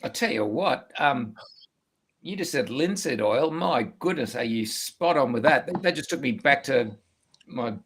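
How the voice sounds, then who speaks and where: A man's voice: medium pitch, animated, unhurried, a bit bright, slight background noise. A man co-hosting an online whisky tasting, chatty and enthusiastic, often restarting his sentences, heard over a video call. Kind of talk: casual online tasting chat.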